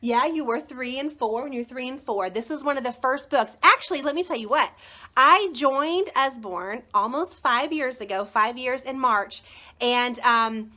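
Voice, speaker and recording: A high-pitched, bright-toned woman chats casually on a live stream about children's books she sells. She gushes with enthusiasm and rambles from point to point, stopping for fillers along the way. Her voice is light, lifted and sharp. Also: normal speed. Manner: gushing, enthusiastic. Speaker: children's book consultant.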